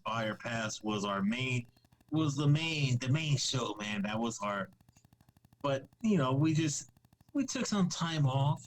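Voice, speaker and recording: A mid-range male voice comes through a low-quality recording with a little hiss or hum. He's a podcast guest and comic creator in a relaxed live-stream chat, rambling with frequent restarts and fillers, joking around and laughing easily.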